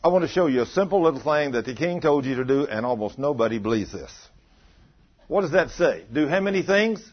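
A man with a drawl preaches in a folksy, storytelling way and teases his listeners. His voice is husky and sits a little high for a man. The recording is dull and lo-fi. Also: animated, brisk. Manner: folksy storytelling, teasing the congregation. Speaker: pastor. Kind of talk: sermon. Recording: dull lo-fi sound.

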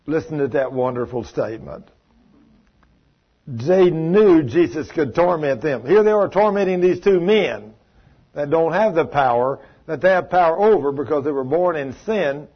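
Husky fervent male preacher. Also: a little high, animated, moderate pace, highs cut off. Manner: fervent, emphatic, tells stories with acted quotes. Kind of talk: sermon.

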